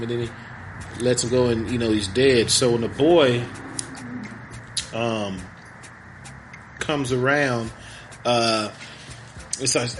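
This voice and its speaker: A man's voice: medium pitch, slight background noise. Rambling man recapping a movie. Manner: rambling, acts out characters' lines in quick voices. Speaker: podcast host.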